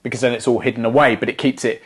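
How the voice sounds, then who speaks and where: A man co-hosting a casual podcast in a measured way, adding dry remarks. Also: mid-range voice, flat delivery, breathy edge. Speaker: podcast co-host, actor. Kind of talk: casual chat.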